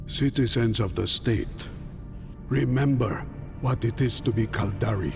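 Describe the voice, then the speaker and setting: Slow, solemn state propaganda voice. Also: male voice, mid-range voice, vocal fry. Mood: solemn patriotic. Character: stern male state propaganda narrator. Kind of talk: game propaganda voice-over. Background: loud music.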